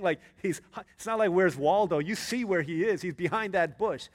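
A pastor preaches a sermon in an animated way, acting out Bible characters in a high, excited voice, then dropping low and hushed for earnest points. He talks a little fast with hardly any pauses.

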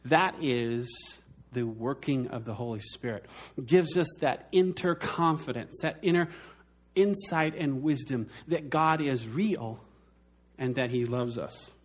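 A man in his forties, speaking at a medium pitch, preaches a sermon with earnest conviction as a pastor. For emphasis he slows down and lets his voice drop soft.

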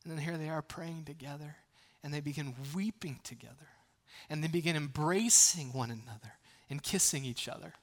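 A man preaching in a fairly high voice, talking to the congregation as if in conversation. He falls to near whispers on tender lines and then rises into loud, emphatic bursts, with light jokes between earnest points. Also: fairly quick. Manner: conversational, with frequent restarts and asides; swings from hushed, almost whispered passages to loud emphatic bursts. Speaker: pastor. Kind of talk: sermon.

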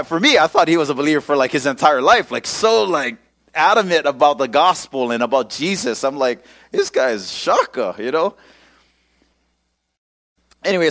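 A man's voice: mid-range voice, fairly bright tone. A male pastor telling a personal story in a casual sermon, using lots of local slang.

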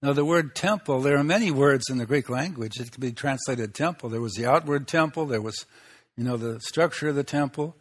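Man, preacher, sermon, unhurried teaching, rhetorical questions, middle pitch.

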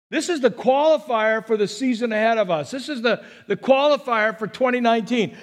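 A man's voice: very high voice, normal speed. A male pastor preaching a sermon, asking the congregation rhetorical questions and repeating words as he builds his points.

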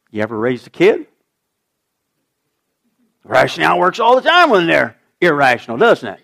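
Older pastor with a lively, swooping voice. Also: male voice, fairly high pitch, normal speed, vocal fry. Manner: earnest, swinging from loud emphasis to hushed asides. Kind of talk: sermon.

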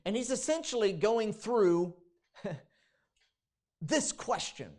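A man's voice: sits high, sing-song, extremely slow, a little mellow. Male pastor, informal sermon delivery with frequent restarts, dramatizes prayers in a raised voice.

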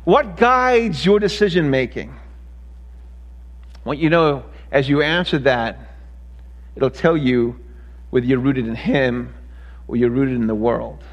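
A man's voice: mid-range voice, takes it slowly, pauses often, in a large hall. A male pastor preaching a sermon, emphatic, with repeated words as he speeds up.

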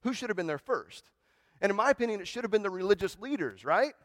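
Animated preaching man, higher voice. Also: fast, dry recording. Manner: conversational preaching, frequent "right?", repeats words when he starts a sentence; swings from hushed to excited. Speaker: pastor. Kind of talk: sermon.

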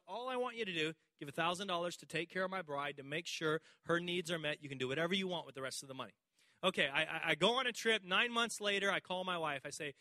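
High, bright-voiced male pastor preaching. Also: fast talker, no room sound. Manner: animated storytelling, acting out dialogue with congregation members. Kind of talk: sermon. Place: church.

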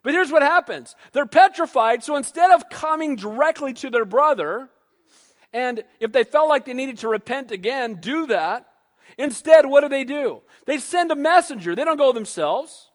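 A man preaching a sermon, animated, who acts out quoted voices and calls for amens. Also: extremely high pitch, moderate pace. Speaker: pastor. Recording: long hall reverb.

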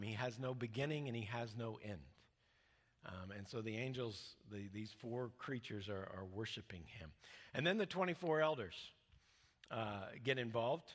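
A man preaching a teaching sermon in a loose, conversational manner, often stumbling and restarting as he explains. His voice sits at an ordinary middle pitch and sinks quiet and low when he quotes scripture. The sound carries a long reverb, as in a church hall. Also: expressive, measured pace. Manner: conversational, with many fillers and restarts; drops soft and low when quoting scripture.

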